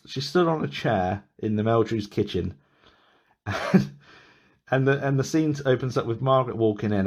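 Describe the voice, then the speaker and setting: A man hosting a podcast, chatting casually and rambling with many restarts and small laughs. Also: fairly low pitch. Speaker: podcast host. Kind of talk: casual chat.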